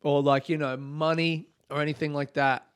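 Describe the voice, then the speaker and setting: A man's voice: fairly high pitch, little pitch movement, moderate pace, clear, resonant tone. Rambling man yawning through a podcast. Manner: rambling, loose, swears freely; yawns often mid-talk. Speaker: podcast host. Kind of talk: solo casual podcast monologue.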